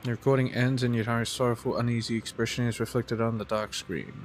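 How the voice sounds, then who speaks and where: A man narrating his game playthrough, reading story text aloud in a plain, steady voice at a medium pitch. A faint noise sits behind him. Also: quick pace. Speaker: gameplay narrator.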